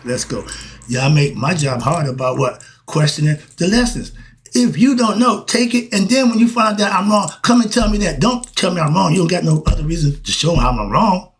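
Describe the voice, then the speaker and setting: A middle-aged man giving a preachy solo monologue, answering his own questions and breaking into shouts. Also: a little high, fairly quick, a little hiss or hum. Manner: coughs and clears throat. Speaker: street philosophy commentator.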